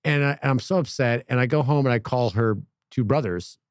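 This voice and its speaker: A man's voice: medium pitch, a little fast, smooth, dry recording, studio quality. A man, a podcast guest, telling a long story in casual chat, acting out the voices of the people in it. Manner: animated, acts out quoted voices.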